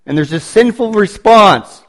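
A man preaching a sermon, building points through emphatic repetition and slowing down on stressed phrases. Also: sits high, expressive, a bit bright.

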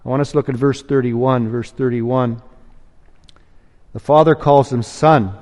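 A man's voice: mid-range voice, steady tone, unhurried, darkish tone. Earnest male preacher in a reverberant church. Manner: earnest, rising to emphatic pleading. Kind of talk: sermon.

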